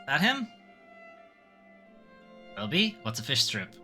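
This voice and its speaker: A man plays a spirited young girl in a raised, animated voice. The tone is sharp and bright. Soft game music sits underneath. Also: fairly high pitch, slow, full character voice. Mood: curious. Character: spirited young Highland girl, curious and stubborn. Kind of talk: reading game dialogue aloud.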